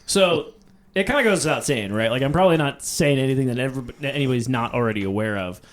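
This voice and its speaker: A man's voice: medium pitch, fast, a little hiss or hum. Rambling laughing podcast co-host man. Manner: rambling, laughs a lot, lots of fillers. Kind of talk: casual chat.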